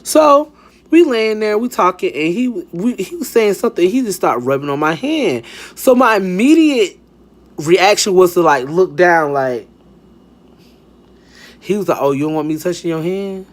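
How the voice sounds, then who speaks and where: A man telling a personal story in a sassy, animated storytime style, swinging between high exclamations and low asides. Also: unhurried. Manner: sassy, animated, lots of swearing and pitch swings. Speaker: storytime vlogger. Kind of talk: casual storytime.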